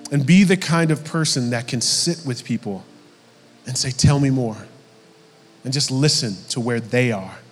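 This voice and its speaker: A man preaching a sermon from the pulpit, lively when acting out quotes and dropping low and soft for the somber stretches. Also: moderate pace, in a large hall, faint music behind. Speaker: pastor. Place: church sanctuary.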